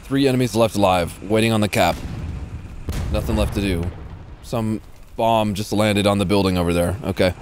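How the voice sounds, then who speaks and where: A man's voice: on the low side, normal speed, darkish tone. A young man livestreaming a game, chatting casually and teasing with playful jokes and bursts of cheering. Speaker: livestreaming gamer. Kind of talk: casual gameplay commentary. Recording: game noise behind the voice. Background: gunfire and vehicle sounds from the game.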